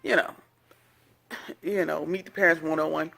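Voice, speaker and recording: A woman's voice: sits low, steady tone, a little slow, creaky, fairly bright tone. A woman chatting casually as she recaps a reality TV episode, full of sassy, gossipy asides.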